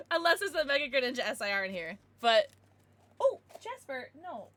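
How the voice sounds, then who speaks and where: A young woman streaming live, chatting casually as she opens trading cards, excitable and giggly with bursts of squealing. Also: sits high, measured pace. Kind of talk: casual livestream chat while opening cards.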